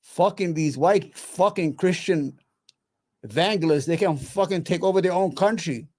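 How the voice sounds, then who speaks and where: A man's voice: sits high, moderate pace, darkish tone. Heated, foul-mouthed male host. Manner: heated, blunt, swears a lot. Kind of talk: profane reaction commentary.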